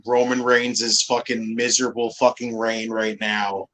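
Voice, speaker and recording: Emphatic, cursing podcast guest. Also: male voice, medium pitch, flat delivery, a little slow, a bit bright, a little hiss or hum, rough recording. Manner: emphatic, profane ranting. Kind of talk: casual podcast chat.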